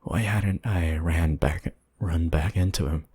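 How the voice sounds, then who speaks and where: Extremely deep husky male narrator. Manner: hushed, tense, deliberate storytelling. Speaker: horror story narrator. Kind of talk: scripted horror story narration.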